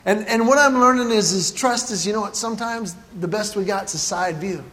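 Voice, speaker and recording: A man's voice: high-pitched, a little fast, pushed and bright. A man telling a humorous personal story to an audience, animatedly acting out his own panic. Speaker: speaker. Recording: hall reverb, faint background noise.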